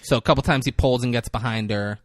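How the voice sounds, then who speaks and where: A podcast co-host recaps a movie in casual chat, retelling it scene by scene, acting out the lines, and laughing often. His mid-range voice moves fast, recorded at studio quality with no room sound.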